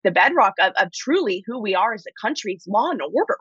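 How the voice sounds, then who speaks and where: A woman's voice: mid-range voice, sing-song, fast, a bit bright, slightly rough, dry recording, lo-fi sound. A woman political candidate giving an upbeat, insistent campaign-style interview over a remote link. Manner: upbeat, insistent stump-speech delivery. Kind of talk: campaign talking points.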